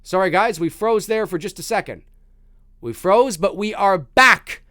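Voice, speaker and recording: A man with a fairly high voice hosts a loose, casual live chat and reads viewers' questions aloud. He rambles, trips over his words and circles back on himself. The sound is dry and close, recorded in a home studio. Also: a little slow, sharp tone, dry recording. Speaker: live stream host answering viewer questions; voice actor.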